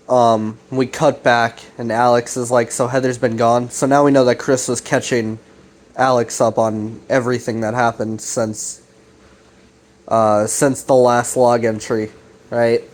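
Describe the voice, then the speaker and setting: A man's voice: medium pitch, a little mellow. Brief: man, casual rambling recap, loose and profane, voices quotes now and then. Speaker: commentator recapping a web series.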